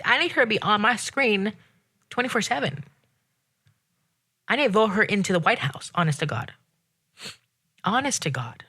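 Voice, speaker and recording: A woman talks on her own show in a loose, sassy rant, her voice bright and forceful. She sounds exasperated and animated, jumping up in pitch when something annoys her. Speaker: podcast host. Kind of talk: casual solo rant.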